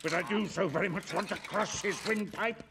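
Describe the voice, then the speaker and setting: A man's voice: sits high, normal speed, vocal fry, long reverb tail, a loud crowd. An actor voicing a male robot butler, centuries old, who talks formally and servilely with bursts of menace. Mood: eager menace. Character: violent prim robot butler, male, ancient.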